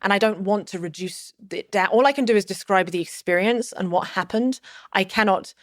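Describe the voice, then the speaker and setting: A woman's voice: mid-range voice, a little fast, dry recording. Woman telling a story in a dry room. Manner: rambling, many fillers and restarts. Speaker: podcast guest. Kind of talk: casual storytelling conversation.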